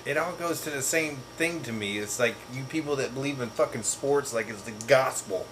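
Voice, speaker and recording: A man's voice: medium pitch, moderate pace, background noise. A man co-hosting a podcast, arguing his point in a blunt, profane way. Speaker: podcast co-host. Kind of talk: casual group chat.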